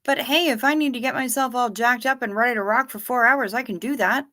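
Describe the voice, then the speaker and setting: A woman with a bright, clear tone talks casually to her viewers from her chair at home. She rambles along and often trails off. She is a little sleepy and keeps yawning. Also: on the high side, brisk. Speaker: livestream host. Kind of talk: casual livestream chat with viewers.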